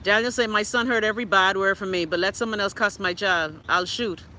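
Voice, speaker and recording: A woman's voice: medium pitch, a little hiss or hum. Brash Bahamian woman ranting live. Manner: loud, profane, exclaiming ranting. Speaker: livestream host. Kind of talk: live-stream chat reading comments.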